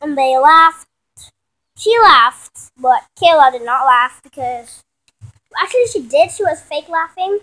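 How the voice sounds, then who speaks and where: High-voiced woman rambling through a story. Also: animated, unhurried, bright, forceful tone. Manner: rambling, restarting, self-correcting. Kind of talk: improvised spoken story.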